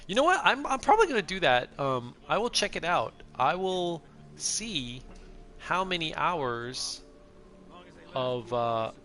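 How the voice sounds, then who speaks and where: A man's voice: on the high side, sing-song, a little slow, pushed and bright. A middle-aged man streaming a video game, chatting in a rambling, casual way and laughing often. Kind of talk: casual gameplay chat.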